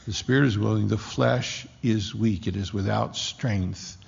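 A man preaching a sermon with impassioned, slowly drawn-out emphasis. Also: fairly low pitch, steady tone, gravelly, breathy edge. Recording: dull lo-fi with long hall reverb.

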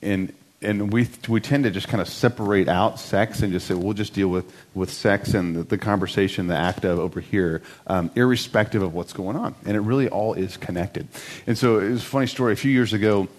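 A middle-aged man speaks in a fairly low voice, giving a relaxed church talk. He tells stories about himself in a conversational, self-mocking way. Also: brisk.

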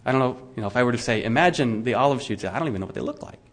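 A man's voice: mid-range voice, expressive, rapid-fire. Man preaching with rhetorical questions. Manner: frequent restarts and repeated words. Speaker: pastor. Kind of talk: sermon.

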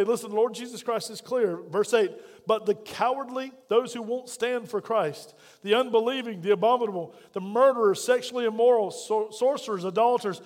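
A man's voice: high voice, long reverb tail. A middle-aged man, preaching a fervent sermon as pastor and calling out questions to his congregation.

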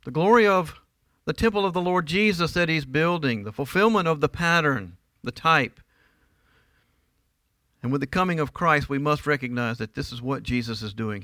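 A man's voice: a little high, sharp tone, no echo. A middle-aged man preaching a sermon in church, emphatic and often asking his listeners rhetorical questions. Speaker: pastor.

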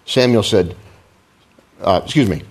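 A man's voice: on the low side, measured pace. A man preaching a conversational sermon, with frequent restarts, asides and questions to the congregation. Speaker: pastor.

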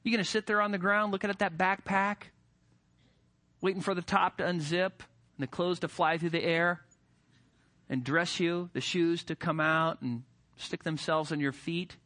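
Forceful, animated male preacher. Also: sits high, normal speed. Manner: animated, rising emphasis, rhetorical questions. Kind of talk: sermon.

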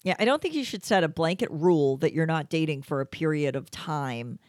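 A woman's voice: deep voice, expressive, a little fast, darkish tone, no room sound, studio quality. Chatty, opinionated woman podcast host. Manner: chatty, opinionated, talks off the cuff. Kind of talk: casual chat.

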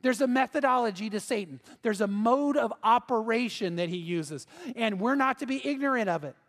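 Male pastor, high voice, emphatic sermon, echoing church hall. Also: animated, brisk, fairly bright tone. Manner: earnest, emphatic preaching with repeated phrases.

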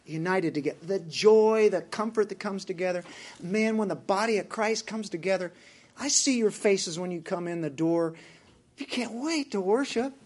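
A man's voice: high-pitched, moderate pace. A man with a Southern US accent who preaches a sermon as pastor, asking his congregation direct questions.

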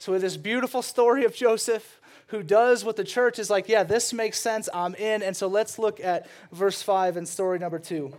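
Animated, joking young pastor with a high voice. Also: male voice, normal speed, hardly any pauses. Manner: animated, joking, laughs often. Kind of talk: sermon.

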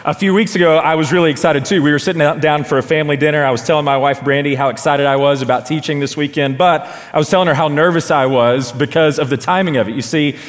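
Energetic male preacher, 30s, storytelling sermon, live church hall reverb. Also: a little high. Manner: excited, storytelling, quick asides. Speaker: children's ministry leader. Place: large church stage.

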